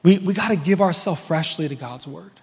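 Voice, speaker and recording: A man's voice: on the high side, a little fast, darkish tone, long reverb tail. A man preaching a sermon as pastor, earnest and repeating words as he restarts his phrases.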